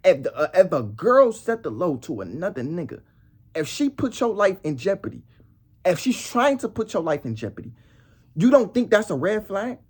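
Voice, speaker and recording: Young male vlogger, husky voice, heated slang-heavy rant. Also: high voice, big pitch swings, moderate pace. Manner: heated street slang, repeats "bro" and "nigga". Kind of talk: casual storytelling rant.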